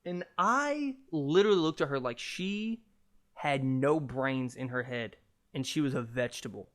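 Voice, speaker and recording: A man's voice: mid-range voice, measured pace. A young man hosting a solo podcast, ranting casually, with lots of swearing and jokes. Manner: profane, animated, jokey. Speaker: podcast host.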